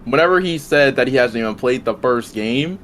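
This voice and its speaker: A man's voice: medium pitch, animated, brisk, fairly bright tone, a little hiss or hum. A man making a rambling, repeating case in a casual debate over a voice call. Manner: rambling, repeats and restarts while arguing.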